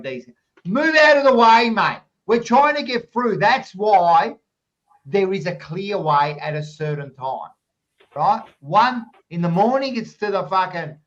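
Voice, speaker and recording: A man's voice: sits high, fairly bright tone. An Australian man co-hosting a podcast, ranting heatedly with heavy swearing in casual panel chat. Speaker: podcast co-host. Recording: dull lo-fi recording.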